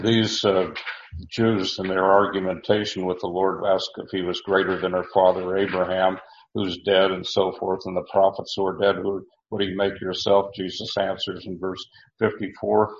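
A man teaching a Bible study, reading verses aloud and explaining them in a halting way, full of fillers and restarts. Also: low voice. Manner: reads verses aloud, then explains the Greek words. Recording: roomy, dull lo-fi recording.

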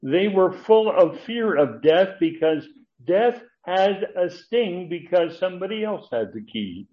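A man's voice: sits high, big pitch swings, unhurried. A man preaching an expository sermon, explaining Greek grammar with frequent fillers and rising emphasis. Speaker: preacher teaching Bible study. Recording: tinny phone-like line.

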